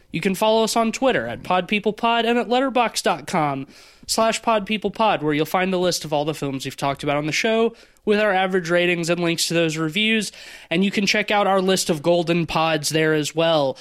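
A man's voice: high voice, a bit bright, smooth. A man co-hosting a movie podcast, chatting casually, laughing often and reading the closing plugs. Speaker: podcast co-host.

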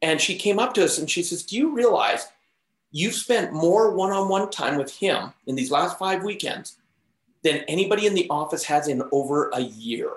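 Being interviewed, a man with a slightly high voice tells casual stories at a moderate pace, bringing them to life by acting out the other people's voices. The room gives his voice an echo.

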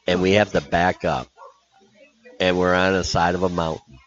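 A man's voice: low-pitched, level tone, normal speed, lo-fi sound. A man who coaches hockey, telling stories in a podcast interview with animation and laughing at his own punchlines.

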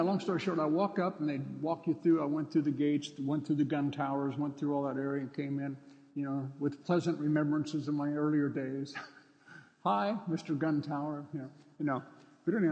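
A man preaching a sermon, telling stories and acting out dialogue with sudden loud outbursts. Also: on the high side, creaky, long reverb tail, highs cut off. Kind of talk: sermon with storytelling.

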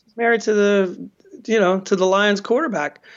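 A man's voice: sits high, fairly even intonation, normal speed, highs cut off. A man co-hosting a podcast in casual chat, rambling, swearing and laughing often. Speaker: podcast co-host.

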